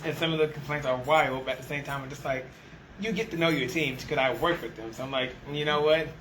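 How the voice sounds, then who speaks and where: A man who leads a restaurant team, chatting casually and acting out the exchanges in his stories with lively energy. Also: mid-range voice, fast talker, background noise. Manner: animated storyteller, acts out quoted exchanges. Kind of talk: casual conversation.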